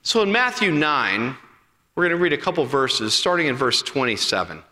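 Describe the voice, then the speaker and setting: A man preaching a sermon as pastor, telling a Bible story with acted-out voices and dropping to hushed appeals. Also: mid-range voice, moderate pace. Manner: animated storytelling, acting out voices, then hushed and intimate. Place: church sanctuary. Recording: long reverb of a hall.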